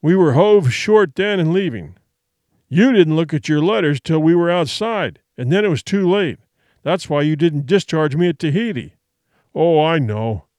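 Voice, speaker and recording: This is a resentful, hoarse old-school sea captain, put on by a male narrator. He is loud and accusing, with a snarl and a lively, uneven pitch. The recording is dry and close, like an audiobook. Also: dry recording, natural voice. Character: hoarse, drunken, resentful ship captain, man.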